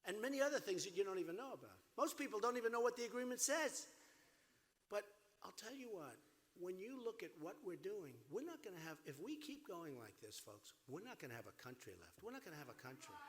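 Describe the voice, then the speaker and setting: A man with a bright, forceful voice swings widely in pitch as he works a rally crowd. He repeats his points emphatically and wanders into side remarks. His amplified voice rings with long reverb in a large venue. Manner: emphatic, repetitive, rambling asides. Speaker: presidential candidate. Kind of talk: campaign rally speech. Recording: echoey hall with PA reverb.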